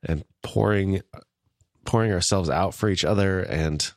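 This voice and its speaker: A man co-hosting a casual podcast discussion, emotional and quick to laugh. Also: deep voice, creaky, no room sound, studio quality. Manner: warm, emotional, laughs often. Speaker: podcast co-host.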